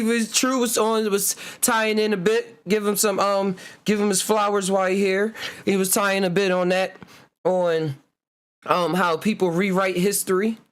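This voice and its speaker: Man, fairly high voice, laid-back, chuckling, slow reading. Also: a bit bright, clear, resonant tone. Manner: laid-back, laughs often, reads words out slowly. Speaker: podcast host. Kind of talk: casual solo chat reading etymology.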